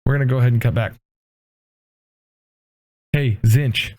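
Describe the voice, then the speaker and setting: A man runs a tabletop game as its game master. His voice is mellow and relaxed, and he sits at a middling pitch. He talks in a loose, casual way and swears freely. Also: a little slow. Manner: casual and profane.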